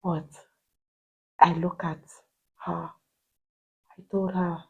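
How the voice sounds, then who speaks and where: A woman's voice: lowish voice, level tone, very slow, vocal fry, pauses often, breathy edge, phone-quality sound. Emphatic woman marriage coach. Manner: emphatic, repetitive rhetorical questions. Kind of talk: motivational preaching.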